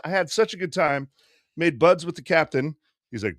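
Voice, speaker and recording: A man in his fifties, co-hosting a podcast and telling a long story casually, profane and quick to act out other people. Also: high-pitched, no room sound, clean studio sound. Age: 50s. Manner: profane, animated storyteller doing quick voices. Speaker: podcast co-host.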